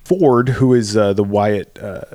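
Man, podcast co-host, lowish voice, casual plot recap, profane, dry close mic. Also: measured pace, dark tone, no echo. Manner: loose, profane, recaps plot with filler words. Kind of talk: casual movie-recap chat.

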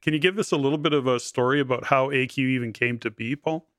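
A man's voice: medium pitch, quick pace, a bit bright, no room sound, clean studio sound. A man hosting a podcast, asking a guest questions in a loose way and restating himself as he goes. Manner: loose, self-correcting questioner. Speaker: podcast host. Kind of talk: casual interview chat.

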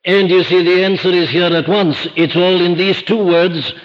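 A man preaching a sermon, emphatic and rhetorical, slowing down to stress key words. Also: high-pitched, steady tone, long reverb tail. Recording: dull lo-fi archive recording.

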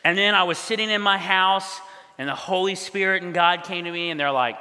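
Higher-pitched guy preaching, animated storyteller, big echoey church hall. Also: brisk, noisy background. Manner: animated, acts out quoted voices. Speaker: pastor. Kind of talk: storytelling sermon. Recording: long hall reverb.

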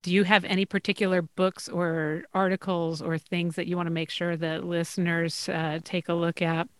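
A woman's voice: on the low side, flat delivery, normal speed, smooth, no echo. A woman hosting a podcast discussion, speaking in an earnest, urgent way. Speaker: podcast host. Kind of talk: casual discussion.

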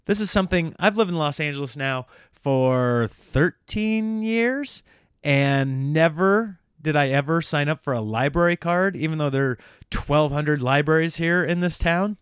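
A man's voice: a little high, clear, resonant tone, no echo, studio quality. A man in his thirties hosting a comedy podcast, rambling in a casual, self-mocking, jokey monologue.

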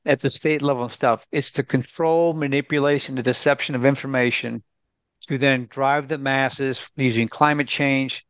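A man's voice: mid-range voice, fairly bright tone, clear, resonant tone, no echo. A man, a guest commentator on a talk radio show, making his case in an emphatic, lecturing way and ticking off points in lists.

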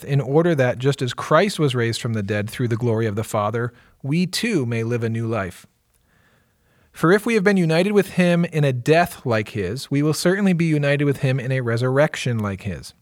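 A man's voice: mid-range voice, no room sound, clean studio sound. A man who is a pastor, teasing his co-hosts in podcast chat and reading scripture aloud expressively. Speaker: executive pastor.

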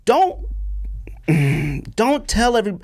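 A male podcast host in full rant mode, sarcastic and animated, his pitch leaping up high whenever he wants to stress a point. The sound is close and dry, with no room echo at all. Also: takes it slowly, vocal fry. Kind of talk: casual sneaker podcast rant.

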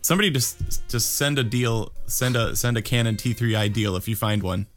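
A young man co-hosting a podcast in a relaxed, agreeable chat, often with short replies. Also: mid-range voice, moderate pace, soft background music. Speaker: podcast co-host. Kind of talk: casual chat.

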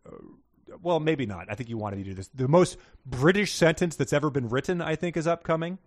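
A man's voice: a little high, brisk. A man co-hosting a casual book podcast, rambling and restarting as he sums up a book. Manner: rambling, many fillers and restarts. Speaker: podcast co-host.

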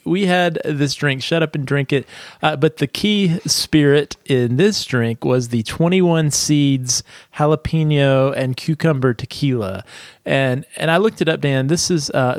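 A man's voice: on the high side, a little slow, dry recording. A man co-hosting a podcast, his voice stuffy and nasal from allergies. He chats casually and jokes around. The sound is dry and close. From United States. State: stuffy nose. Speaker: podcast co-host. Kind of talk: casual chat.

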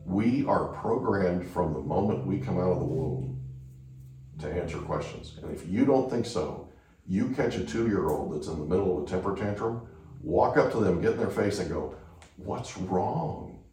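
A man's voice: deep voice, normal speed, distant mic, slight background noise. Male host who tells stories and keeps checking in with "right?", recorded in a very echoey room well back from the mic. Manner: animated storyteller, frequent "right?". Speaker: podcast host. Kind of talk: storytelling in a conversation.

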